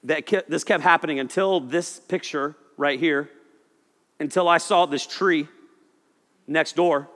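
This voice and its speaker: Brief: male preacher, casual and lively sermon delivery, bright and forceful tone, echoing hall. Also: fairly high pitch, measured pace. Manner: animated, conversational, acts out voices. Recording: echoey hall reverb.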